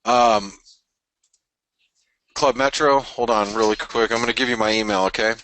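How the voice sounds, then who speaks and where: A man hosting a trading webinar, reading out listener messages in a casual, halting way with fillers and chuckles. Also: on the low side, fairly even intonation, fairly bright tone, no echo, rough recording.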